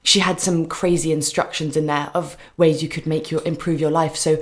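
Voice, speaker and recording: Lively young British woman telling stories. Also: deep voice, normal speed. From Britain. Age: young adult. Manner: animated storytelling, frequent fillers. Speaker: guest, student athlete. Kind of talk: casual radio chat.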